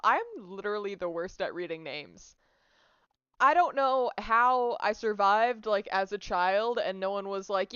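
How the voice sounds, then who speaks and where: A woman's voice: medium pitch, fairly bright tone, clear, resonant tone, dry recording. Rambling young woman streaming at home. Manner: rambling, self-mocking, quick asides. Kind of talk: casual stream chat. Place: apartment room. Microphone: desk microphone. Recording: dry, dull lo-fi sound with faint music.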